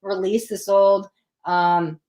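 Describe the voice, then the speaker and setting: Here a tarot reader with a mid-range voice goes slowly through a live psychic reading, pulling cards and talking them over with viewers. She stays animated and chatty, putting on voices whenever she quotes someone.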